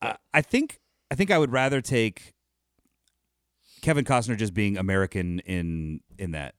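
A man's voice: on the low side, moderate pace, fairly bright tone, clean tone, dry recording, studio quality. A man co-hosting a podcast in casual chat, laid-back and often chuckling. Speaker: podcast co-host.

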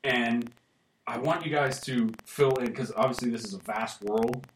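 A man's voice: mid-range voice, normal speed. A man hosting a podcast in casual chat, rambling and laughing as he tells stories. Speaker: podcast host. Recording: echoey room, mic at a distance, faint hiss.

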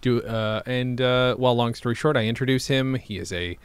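A man's voice: mid-range voice, moderate pace, smooth, no echo. A man co-hosting a podcast in casual, rambling chat, swearing now and then. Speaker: podcast co-host.

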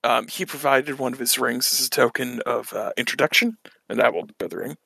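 Casting: male tabletop player, gravelly and bright, dry close sound, hesitant with formal in-character lines. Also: medium pitch, fairly quick, dry recording. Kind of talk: tabletop role-play.

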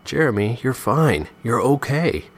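Man voicing a nervy gentle young guy, raised higher, soothing. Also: big pitch swings, measured pace. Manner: soothing, worried.

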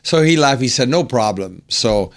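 A man who grew up speaking French, telling a long animated anecdote as an interview guest and acting out the quotes. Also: mid-range voice, moderate pace. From French-speaking upbringing. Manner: animated, acts out quotes, swears. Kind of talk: anecdote storytelling.

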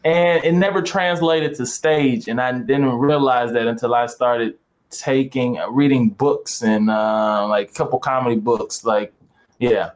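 A man who does stand-up comedy, chatting casually and acting out quotes in lively voices. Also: medium pitch, unhurried. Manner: animated storyteller acting out voices. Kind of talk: casual podcast chat.

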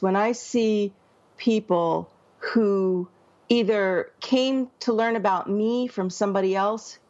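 Woman, podcast host, husky sick voice, chatty, quick, laughs often, slightly dull lo-fi sound. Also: medium pitch, a little mellow. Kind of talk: casual podcast chat.

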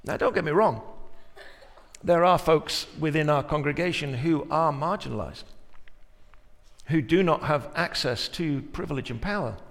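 High-voiced male pastor in an echoing hall. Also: moderate pace. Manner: builds from quiet musing to loud, emphatic peaks. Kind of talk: sermon.

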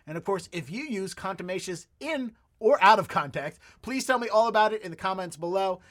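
High-pitched male podcast host, chatty and rambling, casual comedic chat. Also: animated, fairly quick, a bit bright.

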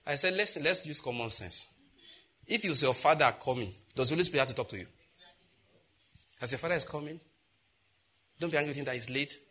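A middle-aged male pastor preaching a sermon, telling stories and rising to loud, impassioned outbursts. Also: medium pitch, animated, quick pace, long pauses, breathy edge.

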